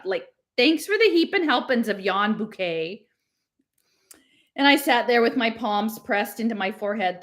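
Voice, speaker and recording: A woman reading a novel aloud, at a middle pitch. Her delivery is casual and conversational, and she breaks off now and then to laugh and comment on the text. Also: fairly bright tone. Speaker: reader.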